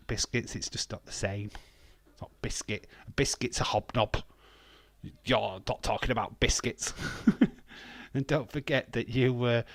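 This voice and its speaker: A man's voice: lowish voice, no room sound. A man hosting a live stream, chatting casually with viewers, teasing them and chuckling as he reads out their comments. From England. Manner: teasing, chuckling, banters with chat, muses aloud.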